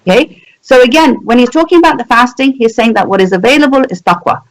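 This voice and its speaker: A woman's voice: fairly high pitch, lively intonation, fast talker, rough recording. A woman giving a live-streamed religious lesson, explaining verses step by step with rhetorical questions and Arabic recitation. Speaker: religious teacher.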